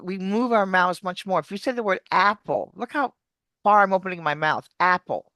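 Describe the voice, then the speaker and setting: American lady coach, bright tense voice, super dry sound, acts out the sounds she explains. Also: medium pitch, brisk, no room sound. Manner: animated, demonstrates sounds while explaining. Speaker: accent coach. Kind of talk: explaining on a video call interview.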